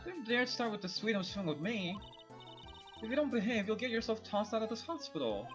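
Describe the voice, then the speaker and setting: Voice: mid-range voice, big pitch swings, a little fast, faint music behind, pitched above the performer's own voice, close to an everyday voice. A streamer voicing a stern, no-nonsense female nurse who scolds in a bossy way. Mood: scolding. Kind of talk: voice-acting game dialogue on a stream.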